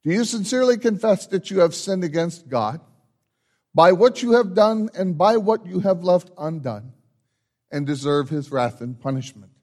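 A man serving as pastor, giving church announcements and then leading a confession and absolution in a measured, solemn way. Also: high-pitched. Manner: measured, solemn liturgical delivery with lively rises.

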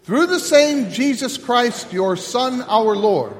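A man's voice: extremely high pitch, lively intonation. Pastor guy doing church announcements then the liturgy, bit hesitant at first, echoey sanctuary. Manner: halting announcements, then measured liturgical recitation. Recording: long church hall reverb.

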